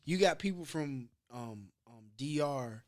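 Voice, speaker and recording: A man's voice: mid-range voice, animated, unhurried, a little mellow. A man hosting a podcast, telling rambling, profane stories in casual chat. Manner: rambling storyteller, loose and profane. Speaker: podcast host.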